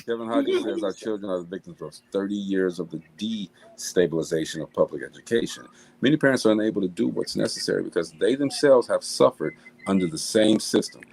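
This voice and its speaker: A man on a casual panel chat who cracks jokes and reads viewer comments aloud. His voice sits fairly low. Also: fairly quick, gravelly, darkish tone, low-quality recording.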